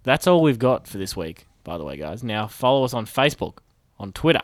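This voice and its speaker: Man, podcast host, upbeat, casual, mid pitch, dry sound. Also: very animated, brisk, no room sound. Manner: upbeat, runs the segments, laughs easily. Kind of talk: casual chat.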